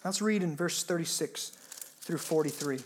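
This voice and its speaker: A woman pastor preaching a sermon in a lively, humorous way, asking her listeners rhetorical questions. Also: sits low, moderate pace, slightly rough.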